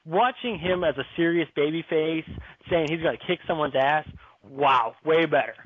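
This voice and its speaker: A man's voice: fairly high pitch, normal speed, breathy edge. A man in casual podcast chat, frank and opinionated. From Boston area. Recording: tinny phone-like line, dry.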